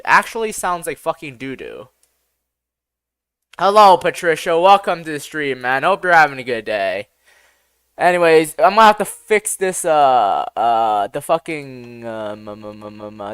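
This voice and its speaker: A young man with a boyish, fairly high voice, chatting on a live stream with lots of swearing and self-mockery. His pitch swings widely from line to line. His tone is bright and sharp, and the sound is dry and close. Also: clean tone, dry recording. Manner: profane, self-deprecating, rambling. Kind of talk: casual live-stream chat.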